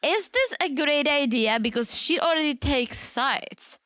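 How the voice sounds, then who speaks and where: Sarcastic chatty woman, higher voice. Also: lively intonation, measured pace, fairly bright tone, dry recording. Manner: sarcastic, laughs often. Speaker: podcast co-host. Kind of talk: casual chat recapping a reality show.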